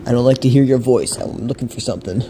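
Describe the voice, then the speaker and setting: A man's voice: medium pitch, fast, noisy background. A man casually chatting while he plays, laid-back and chuckling, talking to himself and his dog. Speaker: streamer. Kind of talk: casual gameplay chat.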